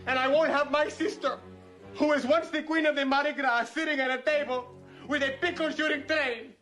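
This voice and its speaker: An actor playing a frantic, indignant man who rants at a deranged family in shrill outbursts. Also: fairly even intonation, normal speed, pushed and bright, faint music behind. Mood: indignant ranting. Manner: theatrical, indignant ranting.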